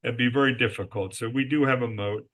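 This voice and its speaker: Talking a little fast, this man has a medium-pitched, slightly bright voice. He's a resort company executive guesting on a podcast, recounting business stories emphatically and posing rhetorical questions he then answers himself.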